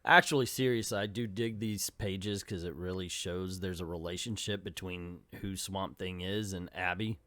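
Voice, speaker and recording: A man's voice: sits low, steady tone, moderate pace, few pauses, pushed and bright, no room sound. A man hosting a casual comic book recap, chatty and self-deprecating, who reads the panels aloud and voices the characters when quoting them. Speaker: comics channel host.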